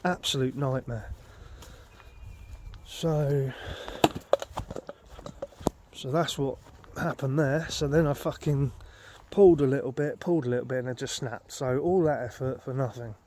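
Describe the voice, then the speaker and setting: A man talks into his phone outdoors in a rambling, exasperated way, swearing often as he goes. His voice sits at an ordinary middle pitch, and a faint hiss of background noise runs under it. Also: unhurried, a little mellow. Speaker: vlogger. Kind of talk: casual outdoor vlog. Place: outdoors at a lake.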